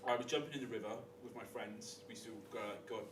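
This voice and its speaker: A young man telling lively, crude stories from his past as a podcast guest, acting out what people said in loud voices, laughing and swearing. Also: fairly low pitch, very fast, distant mic, a little hiss or hum. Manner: animated anecdotes, acts out quotes loudly, laughs, swears. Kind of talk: casual storytelling chat.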